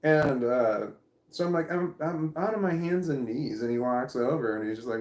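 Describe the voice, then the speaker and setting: Man, casual storytelling vlog, rambling, swears a lot, mid-pitched voice, roomy echo. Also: lively intonation, moderate pace, darkish tone. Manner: rambling, repeats himself, swears often. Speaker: vlogger.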